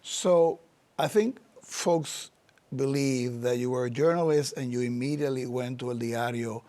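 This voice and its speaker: A man's voice: medium pitch, moderate pace, dark tone. A man hosting a conversational interview, affirming his guest and asking long questions. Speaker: interview host, university chancellor.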